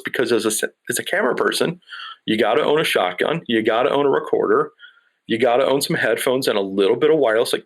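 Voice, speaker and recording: Man telling a lively anecdote. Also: mid-range voice. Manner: lively anecdotal storyteller, acts out dialogue. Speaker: production sound mixer, podcast guest. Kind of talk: casual storytelling interview.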